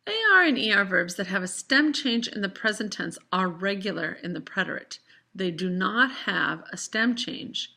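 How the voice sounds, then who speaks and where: Gravelly bright-voiced woman teaching. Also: medium pitch, animated. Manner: clear, patient explaining, slows down for examples. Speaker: Spanish teacher. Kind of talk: recorded classroom lecture over slides.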